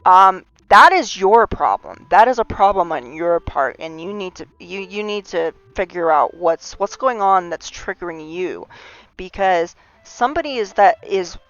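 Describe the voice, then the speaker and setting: Her voice lowish, animated and a bit bright, a livestream host speaks a little slowly in an impassioned, earnest monologue. She restarts often and builds emphasis as she goes. The audio from her streaming mic is dry and slightly dull lo-fi.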